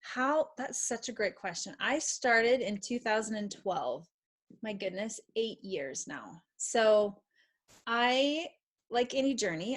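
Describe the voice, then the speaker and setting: A middle-aged woman confidence coach answering questions on a video call in an enthusiastic, encouraging, emphatic way. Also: medium pitch.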